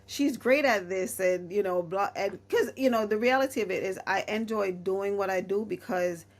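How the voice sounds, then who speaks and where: A woman's voice: mid-range voice, normal speed. A woman hosting a podcast, talking casually with many "you know" fillers. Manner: chatty, full of "you know" fillers, laughs often. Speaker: podcast host. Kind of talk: casual conversation.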